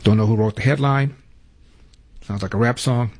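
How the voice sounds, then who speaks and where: A man's voice: mid-range voice, normal speed, a little mellow. A man hosting a talk radio show, running through headlines with wry, sarcastic asides.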